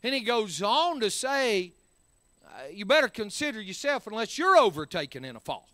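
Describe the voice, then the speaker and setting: A man delivers a sermon in a high, bright, smooth voice. He drives his points home by repeating them, swinging between loud emphasis and quieter stretches. The sound is dry and close. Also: sing-song, moderate pace, no echo. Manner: repeats key phrases, rising and falling emphasis. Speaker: preacher.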